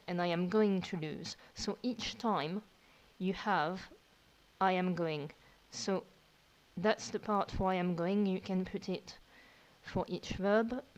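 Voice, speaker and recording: A woman's voice: medium pitch, darkish tone, muffled recording. A woman teacher, patiently explaining verb tenses step by step in a recorded lesson. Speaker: French teacher.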